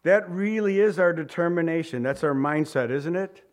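A man preaching a sermon, addressing the listeners directly, repeating key words and swinging from loud cries to hushed low emphasis. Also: moderate pace.

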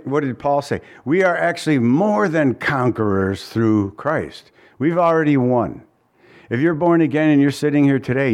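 A man preaches to his congregation in a voice of ordinary middle pitch. He is animated and keeps asking his listeners rhetorical questions. Now and then he reads scripture aloud in old-fashioned wording. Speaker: pastor. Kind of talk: sermon.

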